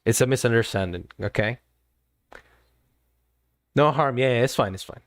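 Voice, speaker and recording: A man's voice: mid-range voice, moderate pace, no room sound, studio quality. A man streaming live, talking to his chat in an earnest, lecturing way and often repeating himself. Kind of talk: casual livestream talk to chat.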